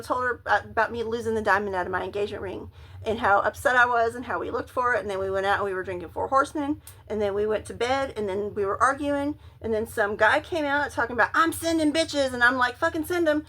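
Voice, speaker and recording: A woman telling a wild personal story in a casual monologue, animated and full of swearing. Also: fairly high pitch, quick pace. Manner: animated, profane, acts out quotes loudly.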